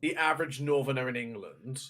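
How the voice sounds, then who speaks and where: A man's voice: mid-range voice, brisk, sharp tone. Rambling Bristolian man co-host. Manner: rambling, many restarts and fillers. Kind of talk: casual chat.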